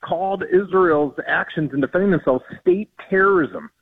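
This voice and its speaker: A man's voice: high-pitched, normal speed, creaky, slightly rough, dry recording. A man speaking as a guest on a phone-in radio interview, earnest and indignant, with many ums and restarts. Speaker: policy guest. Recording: tinny phone line.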